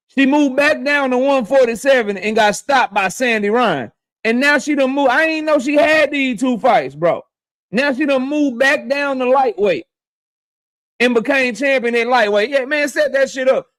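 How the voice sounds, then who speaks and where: Man, very high voice, streamer host, profane, slangy, reacting to chat. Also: a bit bright. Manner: loose, profane, trash-talking, reads chat aloud. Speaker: boxing channel host. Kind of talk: casual live-stream chat.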